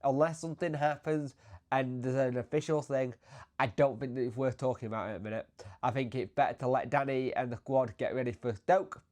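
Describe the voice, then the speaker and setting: A man with a bunged-up, congested voice, feeling unwell and talking casually as the host of a football fan channel, chatty and rambling and trailing off quieter. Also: medium pitch, fairly even intonation, brisk. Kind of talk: casual solo video commentary.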